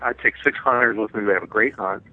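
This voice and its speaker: A man, the guest author, earnestly telling a personal testimony in an interview, pausing and restarting as he goes. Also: lowish voice. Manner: earnest, reflective storytelling with frequent restarts. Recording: phone-like line.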